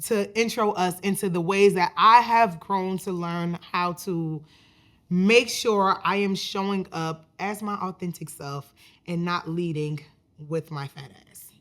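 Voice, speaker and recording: A woman in her twenties hosting a podcast, telling a personal story in a chatty, animated way, full of "like". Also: lowish voice, a little slow. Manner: chatty, animated, many fillers like "like". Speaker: podcast host. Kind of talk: casual storytelling monologue.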